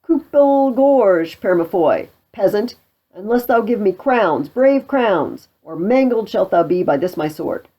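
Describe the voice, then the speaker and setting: A woman reading the part of a cowardly, boastful male soldier in a play, pushing her voice higher and louder. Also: lively intonation, a little slow. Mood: blustering. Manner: loud, high-pitched bluster.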